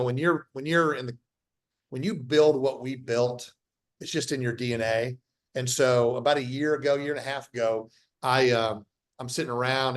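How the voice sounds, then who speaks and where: Blunt middle-aged businessman guest. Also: medium pitch. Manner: emphatic, blunt, repeats points and restarts often; acts out quoted dialogue in his stories. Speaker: guest, company founder. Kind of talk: casual interview talk.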